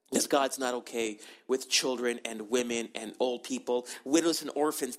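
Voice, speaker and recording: A man preaching a sermon, earnest and emphatic, with frequent restarts. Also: a little high. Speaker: pastor.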